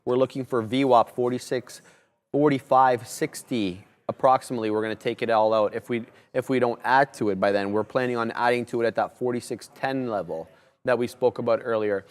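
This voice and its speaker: Steady mid-pitched trading co-host, a man. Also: a little fast. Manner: steady, explanatory, walks through trades. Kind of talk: live trading commentary.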